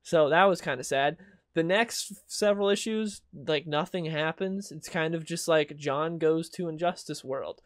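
A young man rants in a casual, sarcastic way, slipping into mocking quoted voices now and then. His voice sits a bit high for a man. The recording is dry and close, with no room sound. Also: unhurried, no room sound. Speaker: comic book video host. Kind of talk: casual opinion commentary.

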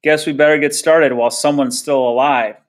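A man reading aloud voices a wry, gruff football coach barking orders. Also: mid-range voice, fairly even intonation, brisk, close to an everyday voice.

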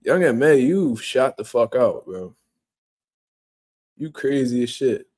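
A livestream host reads and responds to comments in a quiet room at home, his mellow, husky voice sitting at medium pitch. He talks slowly yet animatedly, in a relaxed, profane, slang-filled way.

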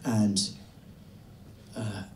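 A young man from the west of Ireland with an Irish accent, doing a stand-up set in a halting, deadpan way with many restarts. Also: lowish voice, a little hiss or hum. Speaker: stand-up comedian. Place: comedy venue stage. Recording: roomy venue recording from a distance.

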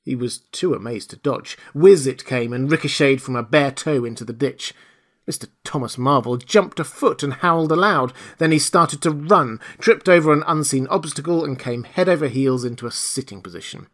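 A male audiobook narrator with a mid-pitched voice, reading a classic novel. His delivery is measured and hushed. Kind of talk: scripted narration.

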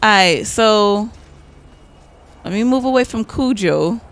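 A young woman talks her way through a game with a bright, sharp-edged voice that swoops up and down as she reacts. She is chatty and animated, calling out to her viewers in casual commentary. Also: mid-range voice, slow pace. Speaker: gaming YouTuber.

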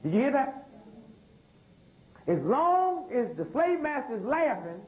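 This is an older man, addressing a live audience. His voice sits high for a man. He drives each point with rhetorical questions and call-and-response. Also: big pitch swings, unhurried, rough recording. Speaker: speaker.

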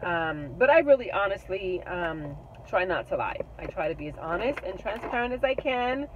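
A woman's voice: on the low side, sing-song, moderate pace. Chatty woman vlogging on tinny audio. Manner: chatty and candid, many ums and restarts. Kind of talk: casual personal storytelling. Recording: tinny phone-like audio with clear road noise.

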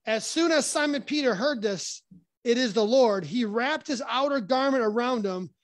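High-voiced man teaching, halting. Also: no room sound. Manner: halting, many restarts and fillers, earnest. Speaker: podcast guest. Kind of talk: casual Bible teaching.

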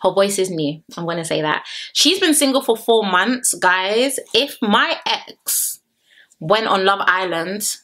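A woman chatting casually to camera as she reviews a reality show, playful and animated, stretching and singing words for effect. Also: medium pitch, normal speed.

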